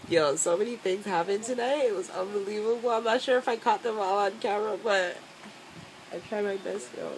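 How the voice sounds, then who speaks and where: A young woman vlogging casually at night, giggly and excitable, talking in bursts into a handheld camera. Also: medium pitch, a little fast, background noise. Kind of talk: casual vlog chat. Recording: music playing in background.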